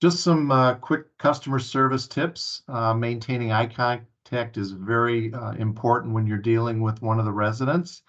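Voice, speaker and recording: A man's voice: medium pitch, steady tone, moderate pace, few pauses, fairly bright tone. Guy presenting staff training at a town hall, earnest, lots of ums and uhs, muffled lo-fi sound. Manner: earnest, many filler sounds and restarts. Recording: muffled lo-fi recording.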